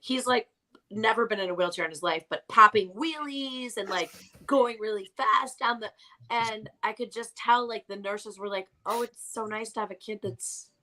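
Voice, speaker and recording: A woman co-hosting a parenting podcast, telling long, animated stories about her kids in casual chat. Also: a little high, normal speed, low-quality recording. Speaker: podcast co-host.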